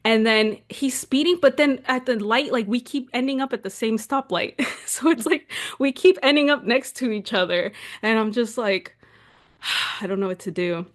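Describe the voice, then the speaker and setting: A woman in her twenties from Southern California, co-hosting a podcast and telling a story in a casual, animated way, full of "like" fillers. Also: fairly high pitch, normal speed, few pauses. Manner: animated, chatty, heavy use of "like" fillers. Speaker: podcast co-host.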